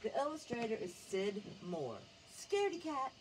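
A woman teacher reading a picture book aloud to young children, gently asking them questions as she goes. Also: a little high, sing-song, normal speed, faint music behind.

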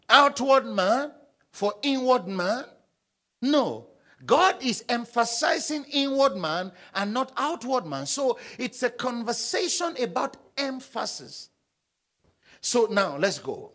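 A man's voice: high-pitched, fairly bright tone. A man preaching a sermon in church, reading scripture and asking his congregation to answer back. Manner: call-and-response preaching, asks the congregation questions. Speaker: pastor.

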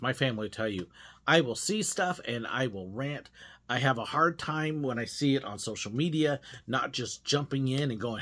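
A man with a husky, slightly breathy voice talks through a devotional reflection. His tone is earnest and self-searching, and he often pauses and restarts as he works through his thoughts. His pitch sits in an ordinary middle range. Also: pushed and bright. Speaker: host of a devotional podcast.

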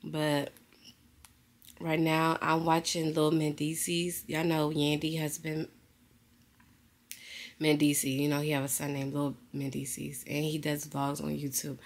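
A young woman vlogging in a relaxed, slangy, chatty way. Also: low-pitched, creaky. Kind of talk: casual vlog chat.

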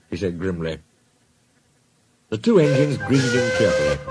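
A man narrating a children's storybook in an expressive way, over background music. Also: fairly low pitch, moderate pace, breathy edge. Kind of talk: storybook reading.

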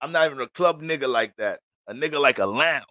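A man's voice: mid-range voice, expressive, fast talker, pushed and bright, dry recording. A man giving a casual astrology reading. He talks in a slangy, rambling, joking way.

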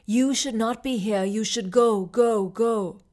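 Headless black temple creature in a storybook: rasping, distorted whisper, hostile, urgent; the woman reading puts it on. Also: on the high side, slow pace, darkish tone. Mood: urgent warning. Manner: urgent, repetitive warning.

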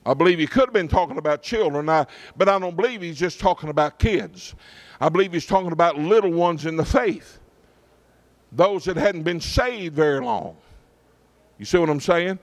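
Pastor, middle-aged man, folksy storytelling sermon with frequent asides to the congregation, a touch higher-pitched than most men. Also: expressive, normal speed. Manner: folksy preacher, checks in with the congregation often.

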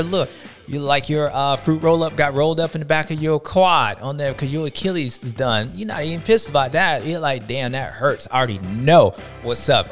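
Playful slangy man with a smooth voice. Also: a bit bright. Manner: playful, acts out other people's reactions in jumps of pitch; slangy, drawling delivery. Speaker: host of a racing talk show. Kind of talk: animated casual commentary.

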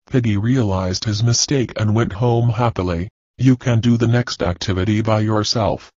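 A man teaching, reading a children's story and class activities aloud slowly and deliberately. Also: fairly low pitch, darkish tone, no room sound. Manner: slow, deliberate, clear reading. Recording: dull, dry lo-fi recording.

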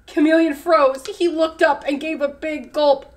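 A woman who is a children's librarian, reading picture books aloud at story time in an animated, expressive way. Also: high voice, normal speed, hardly any pauses.

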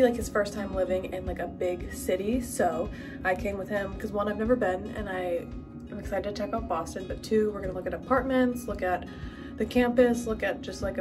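A woman in her twenties chatting casually to camera as a vlogger, upbeat and full of filler words. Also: mid-range voice. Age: 20s. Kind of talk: casual vlog chat.

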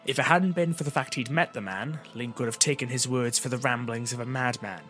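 A man reading an audiobook chapter as narrator, in an even storytelling manner. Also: mid-range voice, fairly quick, faint music behind. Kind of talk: scripted narration.

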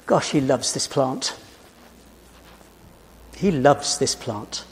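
British male preacher, unhurried, storytelling sermon with rhetorical questions, recorded in a reverberant church. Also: medium pitch, expressive.

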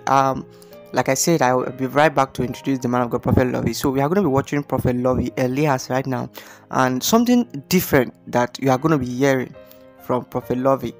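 A man in the middle of the usual male pitch hosts a video channel, speaking casually and repeating himself eagerly. Faint music plays under his voice. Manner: chatty, repetitive, eager urging. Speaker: channel host.

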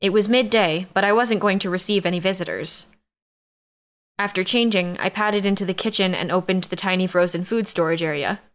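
A woman's voice: fairly low pitch, brisk. Woman reading a first-person audiobook. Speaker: audiobook narrator.

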